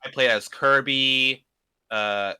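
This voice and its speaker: A man's voice: medium pitch, fairly even intonation, pushed and bright, clean tone, no echo. A young man in his late teens, a beginner voice actor, talking casually as an interview guest and often restarting his sentences. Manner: halting, repeats and restarts words.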